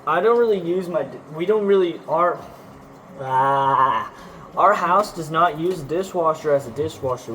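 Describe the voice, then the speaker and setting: A man's voice: fairly high pitch, a bit bright, a little hiss or hum, rough recording. A young man with a Texan accent, rambling in a jokey, scattered way while doing chores at home. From Texas. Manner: scattered, self-interrupting, jokey. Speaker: vlogger. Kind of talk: rambling casual vlog chat.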